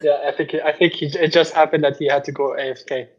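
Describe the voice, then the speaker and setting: Man, podcast co-host, eager, stumbling, slightly high voice, muffled lo-fi mic. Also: fast. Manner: eager, excited, a bit stumbling. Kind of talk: casual chat. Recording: dull lo-fi mic.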